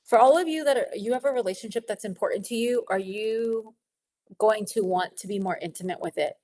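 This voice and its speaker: A middle-aged woman coach giving a gentle, reflective teaching talk, now and then laughing lightly as she acts out inner voices. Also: medium pitch, brisk. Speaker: spiritual coach.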